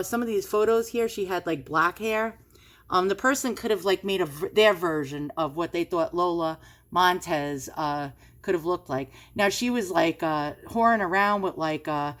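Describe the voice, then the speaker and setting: A woman with a New York accent hosting an antiques vlog, chatting casually and rambling with plenty of fillers. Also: medium pitch. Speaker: antiques vlogger. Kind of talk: casual screen-share commentary.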